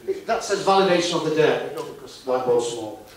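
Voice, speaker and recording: A conference speaker with a fairly high, animated voice keeps a quick pace, chatting with the live audience and lobbing tag questions at them. His voice sounds distant in a very echoey hall.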